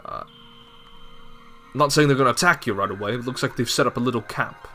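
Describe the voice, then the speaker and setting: A man's voice: medium pitch, brisk, pushed and bright, soft background music, natural voice. A man voicing a wary villager in a put-on Australian accent, giving a casual, hesitant warning.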